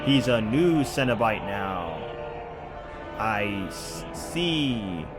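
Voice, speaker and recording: A man's voice: lowish voice, big pitch swings, extremely slow, loud music behind the voice. A man giving casual movie reaction commentary, incredulous and rambling with exasperated asides. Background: movie audio playing.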